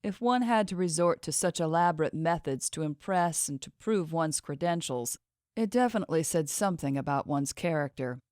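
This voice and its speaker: A woman narrating a fantasy audiobook in a measured, expressive reading. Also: low voice, no room sound, studio quality. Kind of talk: scripted fiction narration.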